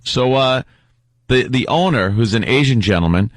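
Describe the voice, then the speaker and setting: A man's voice: mid-range voice, lively intonation, moderate pace, no room sound. A man hosting a radio talk show, telling a story in casual banter and acting out other people's lines.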